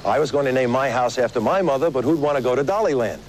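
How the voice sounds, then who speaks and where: A man's voice: mid-range voice, fast talker, very noisy. A man hosting a live TV variety show outdoors, chatting and joking through his opening monologue. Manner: chatty, joking, laughs at his own gags. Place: outdoors on location.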